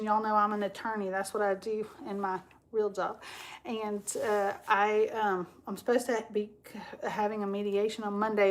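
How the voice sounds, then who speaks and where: A woman chatting casually and at length to viewers as the host of her crafting livestream, laughing often. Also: medium pitch.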